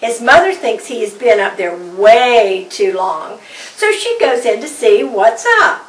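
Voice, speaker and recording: A woman telling a short joke in a deliberate, clear way. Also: fairly high pitch, sing-song. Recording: roomy sound from a distant mic.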